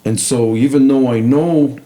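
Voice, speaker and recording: Mellow-voiced man, reflective and halting. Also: mid-range voice, poor audio. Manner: reflective, speaks in short broken phrases. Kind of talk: casual heartfelt conversation.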